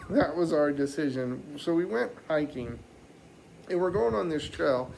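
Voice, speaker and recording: A man doing stand-up comedy, telling a rambling, animated story and slipping into mock voices. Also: on the high side, a little slow, gravelly, a little hiss or hum, low-quality recording.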